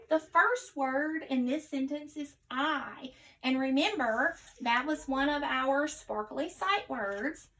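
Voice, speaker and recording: Sounding out every letter slowly, a high-pitched woman with a sharp tone leads a phonics lesson for early readers, cheering on the young children watching as if they were her friends. The recording is poor, with her voice distant from the mic.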